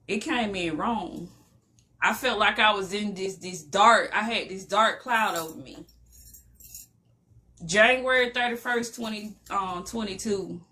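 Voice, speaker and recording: A woman's voice: mid-range voice, pushed and bright, slight background noise. A middle-aged woman telling her personal story in a motivational talk, emotional and preacher-like, repeating phrases for emphasis.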